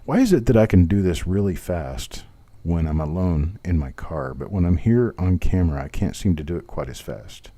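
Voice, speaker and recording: A man runs a live online coin auction, calling out bids in a steady, rhythmic patter. His voice sits low and sounds warm and relaxed. Between lots he chats and jokes at his own expense. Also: moderate pace. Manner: chatty, self-deprecating, rhythmic bid calling. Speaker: auctioneer host.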